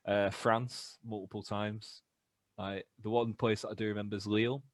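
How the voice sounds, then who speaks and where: A young British man in a band, casually telling animated stories on a podcast and acting out the voices. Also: fairly low pitch, normal speed, no echo. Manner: animated anecdotes with laughs and acted-out voices. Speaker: band member podcast host. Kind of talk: casual storytelling chat.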